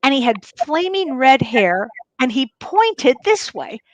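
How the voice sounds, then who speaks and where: A middle-aged woman co-hosting a talk show, telling a personal story in a lively, animated way. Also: high voice, takes it slowly, no room sound, poor audio. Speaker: co-host. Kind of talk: casual chat, personal storytelling.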